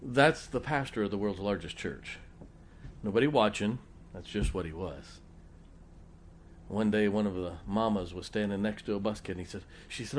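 A man's voice: fairly low pitch, normal speed, slight background noise. A middle-aged man preaching a sermon, telling folksy personal stories and putting rhetorical questions to the congregation.

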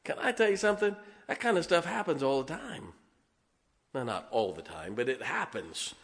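A man preaching as a Baptist pastor, telling animated personal stories and asking his congregation to listen up. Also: medium pitch, normal speed. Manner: animated storytelling, keeps asking the congregation "can I tell you something". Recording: long reverb of a large hall.

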